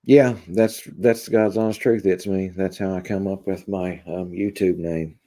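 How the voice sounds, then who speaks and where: A man hosting a live stream, chatting casually with viewers in a deadpan, rambling way full of fillers. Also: deep voice, measured pace. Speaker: live-stream host reading chat.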